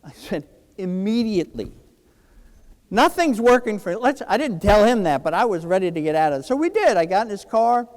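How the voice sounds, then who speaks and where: Man in his sixties, from New Jersey, keynote storytelling, very lively pitch, long hall reverb. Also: fast talker, few pauses. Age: 60s. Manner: animated, acts out quoted dialogue. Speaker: keynote speaker.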